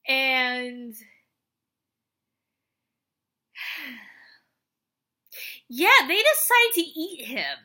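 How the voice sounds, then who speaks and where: A young woman with a high, bright voice talks through an animated show in a casual review vlog. She rambles with fillers and restarts, breaking into little acted-out reactions as she goes. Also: extremely slow, pauses often. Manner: chatty, animated, lots of fillers and acted quotes.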